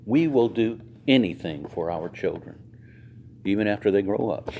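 This pastor's voice is fairly low, gravelly and mellow, moving at normal speed with plenty of expression. Reading scripture and preaching, he performs the quoted voices and speaks straight to his congregation in a conversational way, with slight background noise present.

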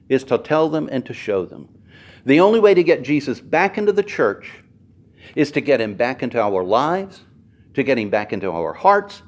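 A man preaching a sermon with a highly animated delivery, his pitch rising and falling widely. He leans hard on repeated phrases and draws out words for emphasis. His voice sits in a middling register.

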